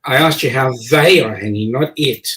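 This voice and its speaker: A man's voice: medium pitch, normal speed, a bit bright, poor audio. A man with an Australian accent hosting a casual online chat show, joking and teasing his guests as he reads the chat. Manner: jokey, chatty, teasing guests. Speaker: host.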